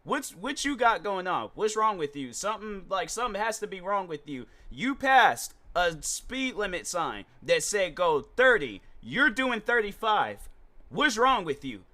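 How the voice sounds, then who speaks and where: A sneering traffic cop, put on by a man, firing off scornful, needling questions in a raised, tense, bright voice. He talks down to the driver the whole way. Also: high-pitched, very animated, unhurried, voice pushed up, full character voice. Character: rude, belittling male traffic cop.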